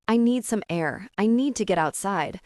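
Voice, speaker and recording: A woman's voice: mid-range voice, lively intonation, moderate pace, a little mellow, dry recording, clean studio sound, natural voice. A woman narrating an audiobook, voicing a frightened middle-aged mother whose voice comes out breathless and shaky. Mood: panicked.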